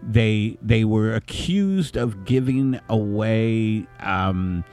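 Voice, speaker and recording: A man's voice: fairly low pitch, expressive, drawn-out words, darkish tone, soft background music. A man in casual comedic chat, rambling and riffing into silly bits.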